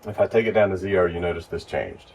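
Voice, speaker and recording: A man giving relaxed, step-by-step training to church volunteers, recorded in a church. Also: sits low, fast, slightly rough. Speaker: lighting instructor. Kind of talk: casual hands-on training. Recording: distant mic with faint noise.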